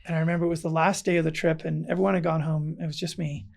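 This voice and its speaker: Podcast guest from South Africa, man, light voice, earnest storyteller who goes quiet and hushed. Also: on the high side, flat delivery, racing, creaky. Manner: earnest, dropping to hushed tones. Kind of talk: personal storytelling in an interview.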